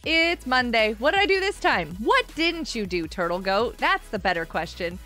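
A woman's voice: on the high side, very animated, moderate pace, pushed and bright, soft background music. A woman chatting casually on a gaming live stream from a carpeted room at home, giggly and laughing often.

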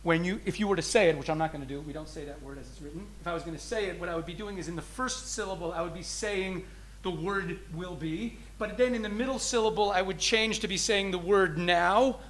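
A man speaking as a rabbi, giving an explanatory teaching talk to an audience, shifting between emphatic and soft delivery and slowing down over key phrases. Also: high-pitched, a little hiss or hum.

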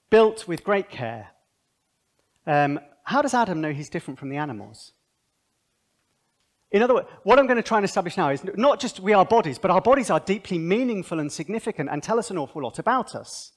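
A man giving a conversational Bible seminar talk, animated and thinking aloud with asides. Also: high-pitched, brisk. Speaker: seminar speaker.

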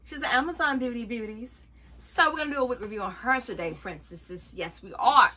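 A young woman chatting playfully to her viewers as she reviews a wig, exuberant and quick to laugh. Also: on the high side, sharp tone. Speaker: beauty vlogger reviewing a wig. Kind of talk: casual chatty vlog.

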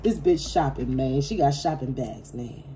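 A woman's voice: a bass voice, normal speed, mellow, a little hiss or hum, pitched below the performer's own voice. A woman mimicking a petty gossiping hater who keeps tacking on "man", in a mocking tone.

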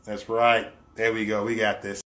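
A man hosts a casual livestream, reading viewer comments and teasing his audience playfully, laughing often and dropping loose slang fillers. His voice is lowish and a bit bright, with a level tone and a moderate pace.

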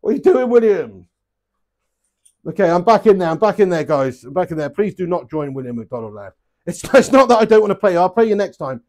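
This young man hosts a live webcam darts stream, talking fast in a high, animated voice with a darkish tone. His casual chat is full of jokes and free swearing, and he calls viewers "lad" and "mate."

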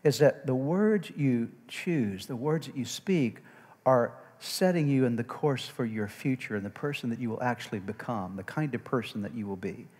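A male pastor preaching a sermon. He engages the congregation with call-and-response checks and swings from loud, emphatic preaching to quiet asides. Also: mid-range voice, expressive, moderate pace, slightly rough. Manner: call-and-response, frequent "amen?" and "okay?" checks. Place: church sanctuary. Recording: long reverb of a large church hall.

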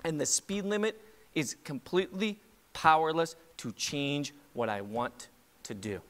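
A man preaches to his congregation in a loose, conversational way, often turning to ask them questions directly. His voice sits a little high for a man. The sound rings out with a long reverb from the church hall around him. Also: big pitch swings, measured pace, a bit bright. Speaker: pastor. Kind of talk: sermon. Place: church sanctuary.

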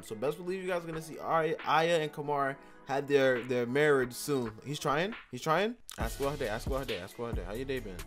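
A man giving playful, profane let's-play commentary, his pitch leaping up and down as he chats at the characters. His voice sits a little higher than most men's, with faint game music underneath. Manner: animated, joking, profane, talks to the game characters. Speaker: gaming channel host.

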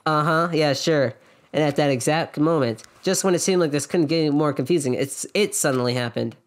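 A woman's voice: low-pitched, fairly quick. A young woman giving jokey, giggly commentary on a video game and reading its dialogue aloud. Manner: jokey, giggly, self-interrupting. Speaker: let's play streamer.

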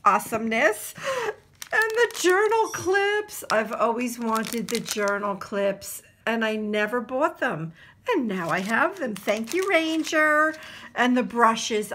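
A woman from New Jersey talks to her camera about a package of craft supplies, unhurried and full of exclamations. Her voice sits a little high and sounds bright. She scatters fillers through her chatty, gushing talk. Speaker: craft vlogger. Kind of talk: casual unboxing chat.

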